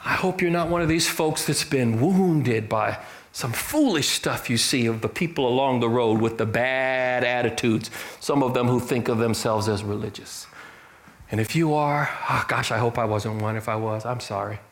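A man's voice: normal speed, a little hiss or hum. A man preaching a sermon as pastor, emphatic, repeating phrases and asking the congregation to respond, acting out quoted dialogue. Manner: acts out quoted dialogue in a lower voice. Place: church sanctuary. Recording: roomy church echo.

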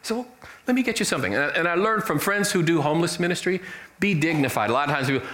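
A man preaching to his congregation from a pulpit, his fairly high voice rising and falling with animated emphasis. He repeats phrases for effect and acts out quoted conversations in a lower voice. The sound carries the roomy echo of a church sanctuary. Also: quick pace. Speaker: pastor. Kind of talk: sermon.

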